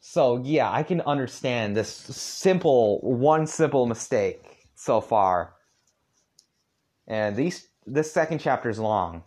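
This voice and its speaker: A man reading a story aloud as an amateur voice actor. He talks haltingly, with fillers, and breaks off to comment on his own reading. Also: medium pitch, expressive, a little mellow.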